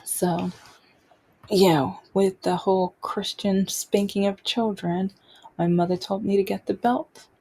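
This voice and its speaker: A podcast host shares her own story in an unscripted personal monologue, her voice dark and gravelly with a husky edge. Her pitch stays mostly flat, and she speaks haltingly, frequently breaking off and starting sentences over.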